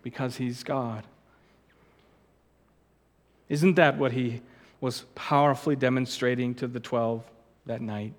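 A man's voice: medium pitch, steady tone, slow, pauses often, big-room sound. A man preaching a sermon, emphatic and earnest, repeating words as he presses his points and rising to sudden outbursts. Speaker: pastor.

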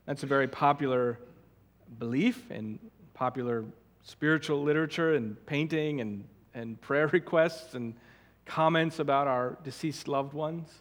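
A male pastor delivers an expository sermon in a fairly high voice, stressing key words and repeating himself for emphasis. His voice carries a long reverb from a church sanctuary. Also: measured pace.

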